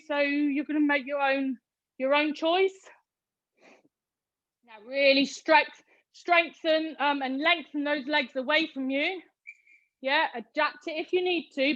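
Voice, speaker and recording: A woman's voice: sits high, a bit bright, highs cut off. A British woman leading a live online workout class, calling out reps and counting down as she cheers her students on. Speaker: fitness instructor.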